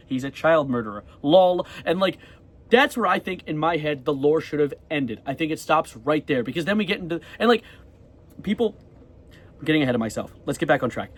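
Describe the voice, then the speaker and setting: A young man with a slightly high voice, talking quickly in a casual, rambling video diary. He swears offhandedly and jumps from thought to thought. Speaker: vlogger.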